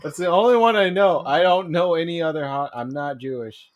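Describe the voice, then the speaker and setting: A man's voice: on the high side, fairly quick. Rambly young guy co-hosting a podcast. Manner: rambling, filler-heavy, cursing. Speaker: podcast co-host. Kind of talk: casual chat.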